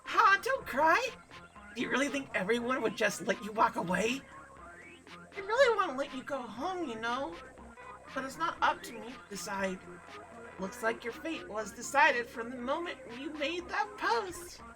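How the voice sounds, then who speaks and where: A woman's voice: high voice, sing-song, normal speed, music in the background. A woman voicing a cruel, cheerful young woman who runs a show trial, reading game dialogue aloud in a mocking, theatrical way. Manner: mocking, theatrical, coolly sadistic.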